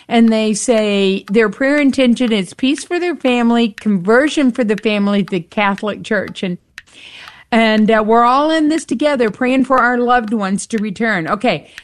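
A woman with a fairly high voice co-hosting a radio fundraiser. She keeps a steady pace, repeating the call-in number and reading out donor notes. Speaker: radio pledge drive host. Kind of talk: live radio fundraising chat.

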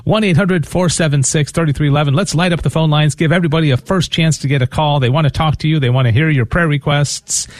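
A man's voice: a little high, fairly even intonation, fast, hardly any pauses, no echo. A man hosting a radio fundraiser, talking casually and stumbling over repeated words as he makes his appeal. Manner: talkative, repeats words often. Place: radio studio.

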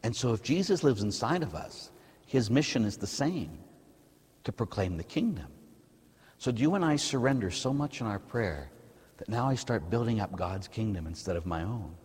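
Male priest, lower voice, very animated intonation, conversational sermon, long church reverb. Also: moderate pace, husky. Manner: lively preaching with rhetorical questions. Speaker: Catholic priest.

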